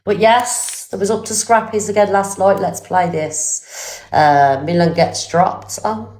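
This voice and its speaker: A woman's voice: unhurried, background noise. A woman hosting a casual livestream, chatty and swearing freely, with a slight cold. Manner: chatty, swings to high squeals, swears casually. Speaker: livestream host. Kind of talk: casual live-stream chat. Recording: roomy echo.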